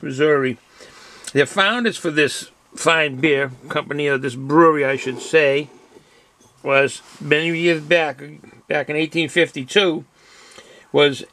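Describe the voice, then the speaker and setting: A man's voice: on the high side, a bit bright, dry recording. A man with a Boston accent reviewing a beer in casual, rambling talk with many fillers and restarts.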